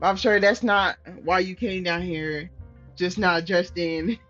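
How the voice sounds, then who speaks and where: Her voice sits lowish and she takes the narration slowly as she reads a story game on stream. She's animated and profane, breaking into loud fits of outrage. The sound is slightly muffled, and gentle game music runs underneath.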